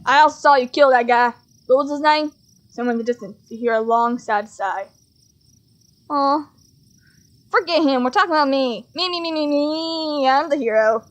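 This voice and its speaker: A woman reading a dating game's text aloud as she plays, excitable and quick to laugh, with mock outrage. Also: sits high. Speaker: gaming streamer. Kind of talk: let's play commentary, reading game text aloud.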